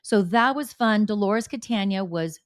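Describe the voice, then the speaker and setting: In clean, dry studio sound, a woman with a mid-range voice and normal speed hosts a podcast. Her gossip stories are candid and animated, delivered casually with plenty of blunt cursing.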